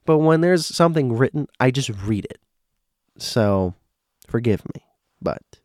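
Slow-talking American man reading spooky stories. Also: mid-range voice, expressive, no echo, studio quality. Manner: chatty, digressive, self-correcting, drops to a hush for eerie parts. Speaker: host reading listener stories. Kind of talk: casual commentary and story reading.

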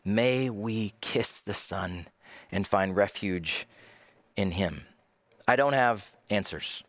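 A man's voice: fairly low pitch, takes it slowly, fairly bright tone, dry recording. A male pastor preaching a sermon, dramatic, acting out the voices he quotes.

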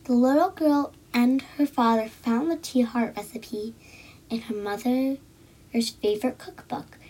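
Brief: woman storyteller for kids, slightly high, breathy, animated read-aloud. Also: measured pace, low-quality recording. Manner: lively, acted character voices with frequent soft whispered asides. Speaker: storyteller reading a children's book.

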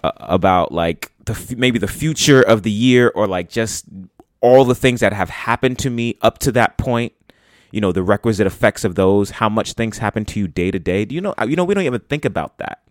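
A man's voice: fairly low pitch, a little fast, no room sound, studio quality. Rambling young New man. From New York City. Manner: rambling, animated, slangy, full of "like" and "bruh". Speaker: podcast host. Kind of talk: casual solo podcast talk.

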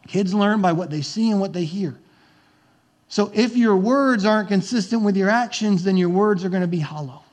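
A man preaching a sermon in a relaxed, conversational way. His voice sits high for a man. He now and then slips into acted-out lines of shouting parents and gentle coaches. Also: moderate pace. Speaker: pastor.

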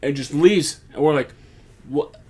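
A man's voice: mid-range voice, moderate pace. A young man co-hosting a podcast, recapping events in casual chat and acting out other people's lines as he tells the story. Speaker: podcast co-host.

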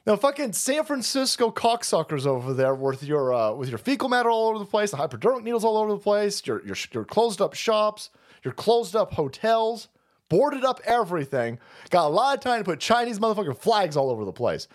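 A man's voice: high-pitched, big pitch swings, fairly quick. A man hosting a livestream, ranting about politics in a profane, rambling way and laughing often. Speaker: livestream host.

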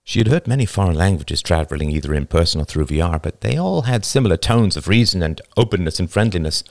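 Low-voiced man reading dramatically. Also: animated, fast, creaky. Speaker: author and narrator. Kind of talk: audiobook novel reading.

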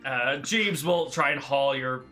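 A man's voice: mid-range voice, unhurried, pushed and bright, soft background music. A man narrating as game master of a tabletop role-playing game, playful and chatty.

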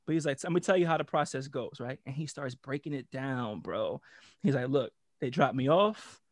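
A man co-hosting a casual chat, telling a story in an animated, profane way and laughing often. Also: medium pitch, normal speed, no echo, studio quality. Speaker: podcast co-host.

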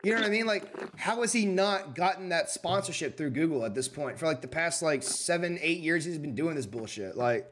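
A young man co-hosting a casual podcast, telling crude, animated stories full of swearing. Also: a little high, a little fast, few pauses. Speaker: podcast co-host. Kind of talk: casual chat.

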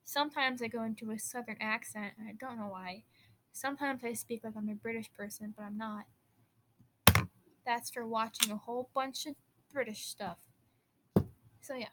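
A woman's voice: a little high, fairly even intonation, moderate pace, pauses often, heavy background noise. A fifteen-year-old girl from Wisconsin with a light Upper Midwest accent, hosting her own podcast in a bubbly, giggly, rambling way with frequent restarts. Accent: Upper Midwest American. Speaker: podcast host. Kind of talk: casual teen podcast chat.

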